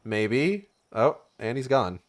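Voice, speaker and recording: A man's voice: mid-range voice, lively intonation, takes it slowly. A man streaming a game, making profane, jokey asides. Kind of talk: livestream gameplay commentary.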